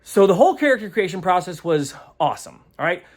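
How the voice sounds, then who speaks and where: A man's voice: high-pitched, big pitch swings, fast talker. Man, game master type, loose rambling recap, stops to hunt for the right word, chuckles a lot. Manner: rambling, searching aloud for words; chuckles often. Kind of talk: casual vlog recap.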